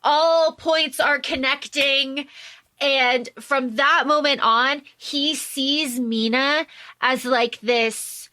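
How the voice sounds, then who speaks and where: Bright, high-voiced woman podcaster. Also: drawn-out words, no echo. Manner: animated plot retelling with many fillers. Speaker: podcast host. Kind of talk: casual podcast chat.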